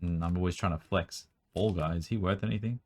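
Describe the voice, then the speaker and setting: Young man, deep voice, strained and worn out, rapid chatty card-sorting commentary, sudden excited outbursts. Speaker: card collector vlogger. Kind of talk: casual running commentary while sorting cards. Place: room at home.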